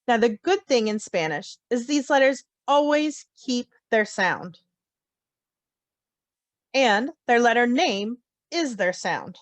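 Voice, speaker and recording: A woman teaching a phonics lesson, slowly spelling out letter sounds with clear, deliberate enunciation. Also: fairly high pitch, animated, no room sound. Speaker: Spanish teacher. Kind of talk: slow, careful phonics lesson.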